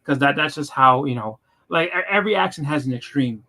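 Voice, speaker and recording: Bright-voiced man chatting. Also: fairly high pitch, lively intonation, brisk. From Boston. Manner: loose, filler-heavy storytelling. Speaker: podcast co-host. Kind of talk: casual chat.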